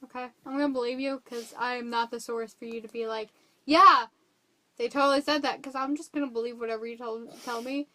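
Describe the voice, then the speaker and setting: A woman co-hosting a casual movie review chat, excitable and jokey, acting out moments from her notes. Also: a little high, quick pace, few pauses.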